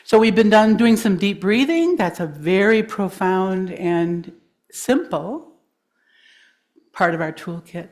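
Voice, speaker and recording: A woman speaker at a congregation gathering, gently guiding listeners through breathing and grounding, encouraging and quick to laugh. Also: medium pitch, expressive. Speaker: guest speaker. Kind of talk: guided breathing exercise in a talk. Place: congregation hall.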